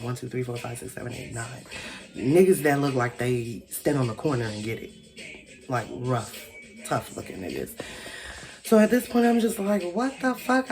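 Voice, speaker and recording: Chatty, animated storytime vlogger. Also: medium pitch. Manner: chatty, swearing, frequent "like" fillers; animated, acts out quoted people. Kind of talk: casual storytime monologue.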